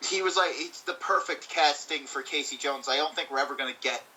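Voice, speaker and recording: Bright-voiced man, a bit off-mic. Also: fairly high pitch, fairly quick, distant mic, a little hiss or hum, low-quality recording. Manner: swears freely, acts out quotes in funny voices. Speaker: co-host. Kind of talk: casual movie-review chat.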